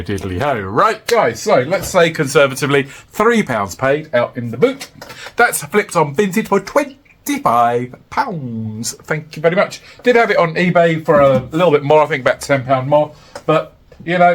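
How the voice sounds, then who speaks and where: A man casually chatting to camera about his resales, jokey and upbeat, addressing viewers as guys. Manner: chirpy, jokey, keeps saying "guys", swings high when excited. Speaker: reseller vlogger.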